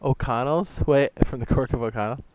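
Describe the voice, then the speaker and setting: A man's voice: lowish voice, normal speed, muffled recording, background noise. A man live-streaming a survival game, rambling casually, talking to himself and reading chat aloud, saying "dude" often. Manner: rambling, chatty, says "dude" a lot, talks to himself; reads chat messages aloud.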